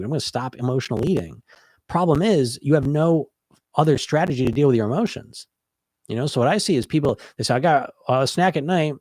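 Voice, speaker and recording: A man's voice: on the high side, darkish tone, dry recording, clean studio sound. A man hosting a weight-loss podcast, talking casually and with energy, often restarting and repeating words. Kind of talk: casual monologue.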